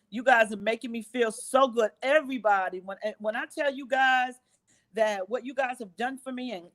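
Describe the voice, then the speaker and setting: A woman in her fifties speaks with a notably high voice as a guest on a live-stream interview. She is effusive and emotional, and she circles back to repeat phrases for emphasis. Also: bright, forceful tone. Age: 50s. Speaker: guest business owner.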